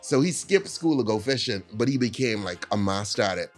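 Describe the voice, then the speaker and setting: A man's voice: lowish voice, animated, fairly quick, faint music behind. A man, a podcast guest, telling rambling stories in casual chat and often checking in with his listeners.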